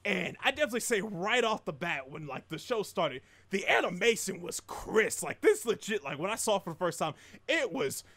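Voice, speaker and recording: A man's voice: sits high, sing-song, a little fast, a bit bright. A young man casually recapping and reviewing an anime, rambling with many fillers and restarts.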